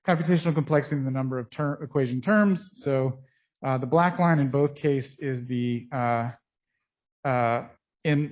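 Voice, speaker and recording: Male scientist at a conference mic, mid-pitched, halting and technical, dull muffled sound through a mask. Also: a little mellow. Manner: technical, halting with frequent pauses. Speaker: scientist presenting research. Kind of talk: conference lecture. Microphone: speaking into a mic.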